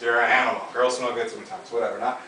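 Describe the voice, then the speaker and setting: A man's voice: medium pitch, very fast, reverberant, recorded from a distance, a little hiss or hum, poor audio. A man coaching a trainee, acting out lines and laughing as he demonstrates. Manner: animated, demonstrative, laughs often. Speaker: dating coach.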